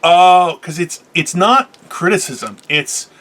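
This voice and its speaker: Bright-voiced man lecturing as co-host. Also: on the high side, lively intonation, normal speed. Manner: blunt, lecturing, talks over his co-host. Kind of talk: casual chat.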